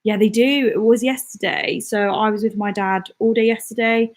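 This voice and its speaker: A woman from the Midlands hosting a casual live-stream chat, rambling warmly through her week and answering viewer comments with lots of fillers. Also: a little high, fairly even intonation. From England, the Midlands. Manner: chatty and rambling, lots of fillers, quick laughs. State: out of breath. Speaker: channel host.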